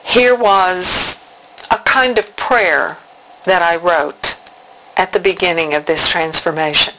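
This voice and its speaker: Slow, deliberate woman reading reflectively. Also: lowish voice, sharp tone, poor audio. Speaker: speaker. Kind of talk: reflective spoken-word reading.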